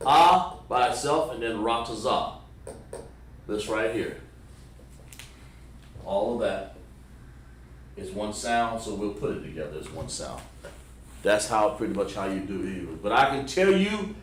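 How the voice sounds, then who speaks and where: A Southern American man gives a pronunciation lesson on a livestream, sounding out syllables one at a time. He speaks in a halting way and often repeats his words. His voice comes from a mic some distance away and carries the echo of the room. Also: mid-range voice. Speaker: religious language teacher.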